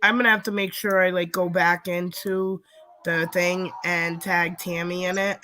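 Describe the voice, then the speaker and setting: A woman's voice: fairly low pitch, little pitch movement, normal speed, pushed and bright. A woman co-hosting a live stream, casually reading out viewers' messages. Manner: casual, reads messages aloud. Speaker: co-host reading out questions.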